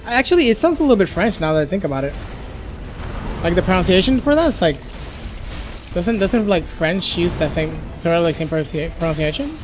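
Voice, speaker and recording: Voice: medium pitch, animated, fairly quick, music in the background. A livestream host chatting casually and playfully, laughing while fumbling through new pronunciations. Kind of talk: casual live reaction chat.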